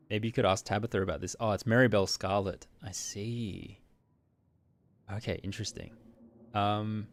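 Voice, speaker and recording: A man streaming a visual novel, reading its narration briskly and muttering asides while laughing at himself. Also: fairly low pitch.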